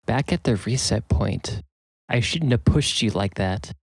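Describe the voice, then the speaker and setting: A man voicing a soft-spoken, sarcastic young woman in a story he narrates. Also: lowish voice, expressive, measured pace, vocal fry, breathy edge, dry recording, full character voice.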